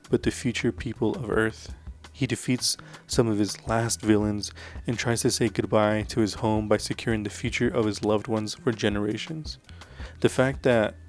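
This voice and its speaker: A man talking casually about films he watched, loose and rambling with plenty of fillers and real enthusiasm. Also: medium pitch. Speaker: vlogger reviewing movies. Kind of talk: casual movie review chat.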